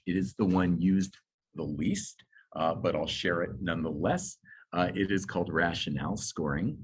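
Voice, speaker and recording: Over poor audio, a man with a low, breathy-edged voice explains how exam scoring works. He's a nursing exam instructor, and his lecture is conversational, with fillers and side remarks. His voice is starting to give out a little.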